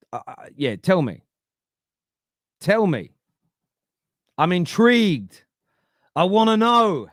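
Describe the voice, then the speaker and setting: A man in his thirties hosting a casual football chat, animated and laughing often, repeating words for emphasis. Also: a little high, no room sound, clean studio sound. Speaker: football podcast host. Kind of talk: casual live-stream chat reading comments.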